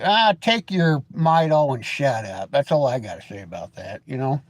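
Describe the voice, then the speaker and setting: Folksy ranting man, high dry voice. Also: expressive, normal speed, no room sound. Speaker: livestream host. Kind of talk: rambling live stream chat.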